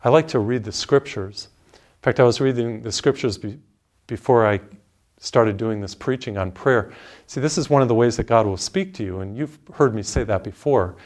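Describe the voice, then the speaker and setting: A middle-aged man preaching a relaxed sermon, telling stories and guiding listeners through slow, deep breaths.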